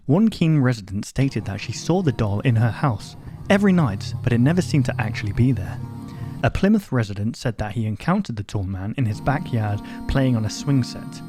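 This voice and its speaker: A man's voice: medium pitch, normal speed. Man reading horror text aloud, music behind. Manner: reads in an even tone, breaks off with sudden loud exclamations. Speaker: reaction video host.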